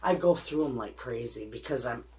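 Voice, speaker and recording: A middle-aged woman with a bass voice and darkish tone talks expressively at a moderate pace, over a little hiss or hum. As host of a homesteading channel, she addresses her viewers in a rambling, heartfelt, emotional chat to camera.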